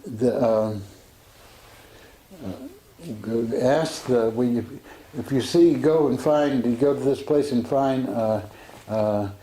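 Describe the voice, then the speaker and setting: A man, a Sufi teacher, retells a teaching story in a halting way, full of fillers and restarts. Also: medium pitch, dark tone, poor audio.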